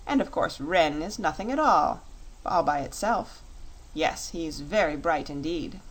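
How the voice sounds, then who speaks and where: A woman's voice: sits low, unhurried, rough recording. Storybook fox king, vain and pompous, fond of lecturing, read by a woman. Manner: flattering, self-satisfied, lecturing.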